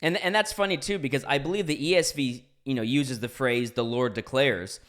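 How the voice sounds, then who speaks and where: A man's voice: on the high side, expressive, brisk, fairly bright tone. A young man hosting a podcast, asking earnest, curious questions with frequent fillers and self-corrections. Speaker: podcast host. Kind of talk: interview questions.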